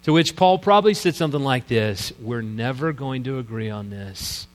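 A man preaching a sermon as guest pastor, conversational and animated, acting out the scenes he describes. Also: mid-range voice, moderate pace. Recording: long church reverb.

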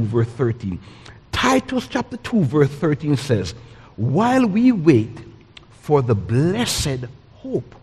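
Animated preacher in a hall. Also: male voice, fairly high pitch, breathy edge. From Jamaica. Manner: animated storytelling, acts out voices and sounds. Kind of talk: sermon.

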